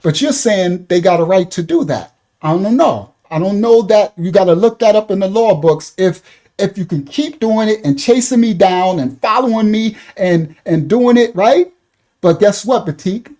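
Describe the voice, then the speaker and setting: A man talking through a livestream in a lively, swooping voice with a mellow, relaxed tone. He rambles in a repetitive, conversational way and calls out his chat viewers by name. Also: high voice, moderate pace. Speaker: online commentator. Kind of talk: livestream commentary.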